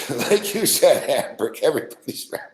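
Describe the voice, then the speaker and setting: A man's voice: mid-range voice, big pitch swings, normal speed. A man hosting a podcast, telling a story in a loose, profane way and laughing often as he goes. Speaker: podcast host. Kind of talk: casual storytelling. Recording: echoey room.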